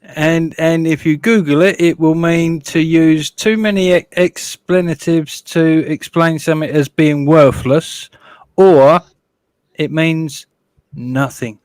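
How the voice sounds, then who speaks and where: A man's voice: on the high side, steady tone, takes it slowly, darkish tone, clear, resonant tone, no room sound. A man in a casual video-call group chat, playfully sharing odd words and riddles. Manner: playful, fond of word jokes and riddles.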